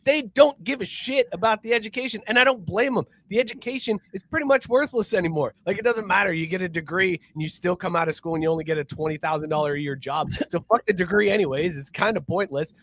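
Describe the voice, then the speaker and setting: A man's voice: high-pitched, fast talker, hardly any pauses, a bit bright. A man co-hosting a sports podcast, ranting casually and profanely with mocking impressions. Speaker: podcast co-host.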